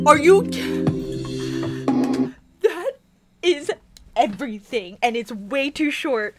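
A woman giving an excited reaction commentary on a music video, gushing and squealing with breathless exclamations. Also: high voice, takes it slowly. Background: faint pop music playing.

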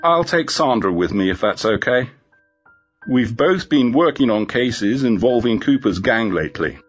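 A man's voice: medium pitch, animated, normal speed, pitched above the performer's own voice, lightly acted. A man voicing a friendly, teasing male police inspector. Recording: dull lo-fi with faint music.

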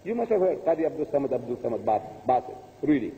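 With a warm, mid-range voice, an older preacher talks very animatedly and fast through a religious lecture. He stresses and repeats his points and asks the audience rhetorical questions, all captured as tinny, phone-like sound in a long-reverb hall.

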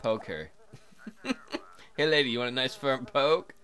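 A man's voice: medium pitch, a little slow, sharp tone. A man hosting a casual let's play, joking crudely and chatting to the characters on screen as he plays. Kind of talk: casual game commentary.

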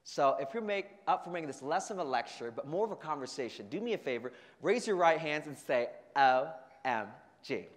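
A man giving an energetic motivational talk to a student leadership conference, telling stories and acting out the voices. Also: a little high, fast, hardly any pauses. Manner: energetic storytelling with acted-out voices. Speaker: keynote speaker. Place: large conference hall. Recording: long hall reverb.

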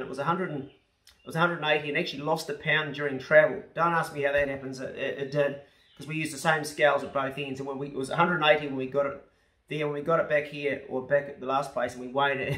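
A man with a New Zealand accent chatting casually as he opens fan mail, rough-spoken and blunt, swearing freely. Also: on the high side, a bit bright, roomy sound, rough recording. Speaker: YouTuber opening fan mail. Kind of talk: casual chat. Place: house truck on a rainy day.

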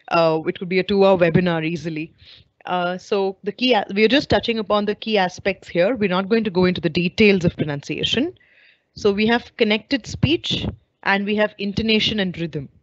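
A woman teacher trainer gives an online webinar lecture, explaining each point and asking her listeners questions. The sound comes over a video call, dull and lo-fi, with a dry close feel and no room echo. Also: medium pitch. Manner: explanatory, asks the audience questions.

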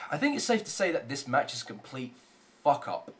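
A young man giving gameplay commentary, muttering low when calm and swearing loudly in bursts of rage at the lag. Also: moderate pace. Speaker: gaming YouTuber.

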